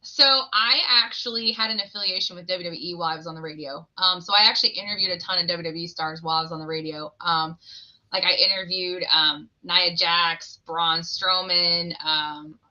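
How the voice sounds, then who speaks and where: A woman's voice: lowish voice, steady tone, a little fast, pushed and bright. A woman telling stories as a podcast guest. She rambles happily and laughs often. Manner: bubbly, rambling storyteller who laughs often. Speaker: guest, former radio host. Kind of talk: casual interview chat. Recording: muffled lo-fi audio.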